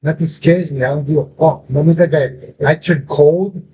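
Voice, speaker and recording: A man's voice: fairly high pitch, fairly even intonation, normal speed. A man telling a personal story in casual talk, profane and full of street slang, calling his listener bro. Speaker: podcast host. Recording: dull lo-fi audio with faint noise.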